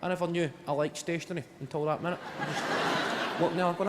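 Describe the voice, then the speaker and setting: A Glaswegian man in his twenties tells stories on stage in a fairly high, swearing, animated voice. The long reverb of a big venue trails after his words over loud background ambience. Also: quick pace, very noisy. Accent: Glaswegian Scottish. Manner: profane, animated storytelling. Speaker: stand-up comedian. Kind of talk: stand-up routine.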